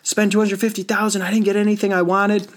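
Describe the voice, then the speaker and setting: A man's voice: high-pitched, flat delivery, fast, pitched above the performer's own voice, natural voice. A man playing a frustrated male client who complains angrily about a landscaping job. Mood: angry complaining. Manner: complaining, accusing.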